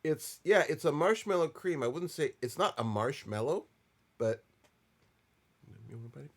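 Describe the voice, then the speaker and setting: A man's voice: on the high side, moderate pace. Easygoing man tasting snacks. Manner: relaxed, thinking aloud while eating. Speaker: co-host. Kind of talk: casual snack-tasting chat.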